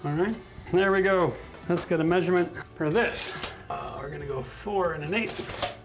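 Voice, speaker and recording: Chatty DIY man, higher voice. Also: moderate pace, soft background music. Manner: chatty, self-mocking, laughs at his own mistakes. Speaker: DIY renovation host. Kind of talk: casual how-to narration. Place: bathroom under renovation.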